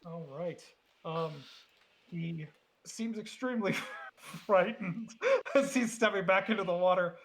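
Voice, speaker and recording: A man's voice: high-pitched, unhurried, pauses often, slight background noise. A man narrating as game master of a tabletop game, laughing often. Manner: laughs often, hesitant with fillers.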